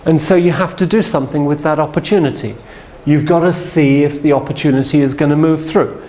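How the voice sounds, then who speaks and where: A man's voice: fairly high pitch, a little fast, darkish tone. Male seminar trainer, chatty storyteller who keeps asking "yeah?", speaking from a stage. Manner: anecdotal, chatty, checks in with "yeah?". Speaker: sales trainer. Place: stage in front of a seminar audience.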